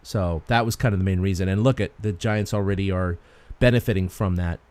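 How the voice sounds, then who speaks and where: A man co-hosting a sports podcast, an animated storyteller who laughs often in casual chat. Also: sits low, brisk, dry recording. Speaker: podcast co-host.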